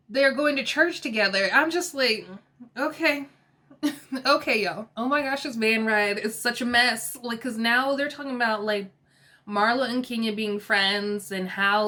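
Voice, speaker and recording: A woman's voice: fairly high pitch, pushed and bright. A young woman giving a casual, gossipy and opinionated recap of a reality TV episode.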